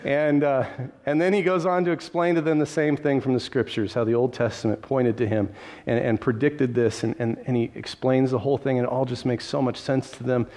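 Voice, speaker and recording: A pastor telling a Bible story in a sermon, vivid and lively, with conversational asides. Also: male voice, mid-range voice, brisk.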